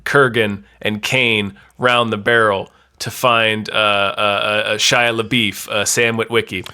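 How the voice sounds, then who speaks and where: A young man narrating an improvised comedy story as game master, halting and rambling with many fillers. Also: lowish voice, level tone, bright, forceful tone, clean tone.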